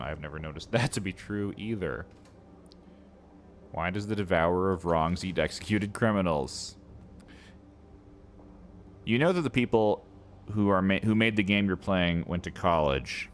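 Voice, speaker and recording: A man's voice: low voice, moderate pace, pauses often, slight background noise. A man giving wry, sardonic commentary while streaming a game. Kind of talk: let's-play commentary.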